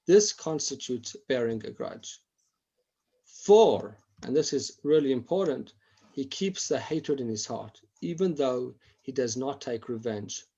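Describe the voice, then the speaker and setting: A man's voice: medium pitch, expressive, normal speed, warm tone, husky, dull audio. A man teaching a Torah class online, acting out examples and often restarting his sentences.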